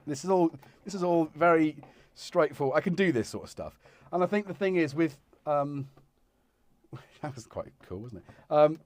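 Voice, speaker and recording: Lively, chatty man fixing gear live. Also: on the high side, normal speed. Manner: chatty, muttering to himself mid-task, self-deprecating. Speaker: livestream host repairing a synth. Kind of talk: casual live-stream chat while working. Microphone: wireless mic that drops out of range.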